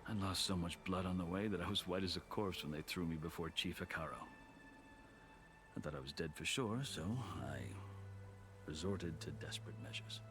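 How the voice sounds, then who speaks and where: An actor playing a battle-hardened male soldier who recounts his captivity in measured storytelling. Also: low voice, natural voice. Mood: recounting. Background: game music.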